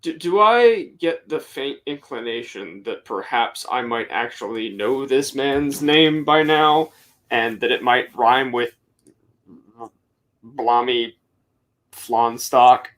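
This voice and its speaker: A guarded hobgoblin armorer voiced by a man speaks in a measured, formal way. He answers dryly and gives little away. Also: mid-range voice, fairly bright tone. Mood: wary.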